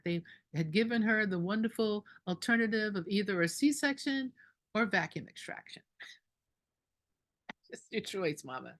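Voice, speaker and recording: Indignant woman doula telling a story. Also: medium pitch. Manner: animated, indignant storytelling with laughs. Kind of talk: storytelling at a group meeting.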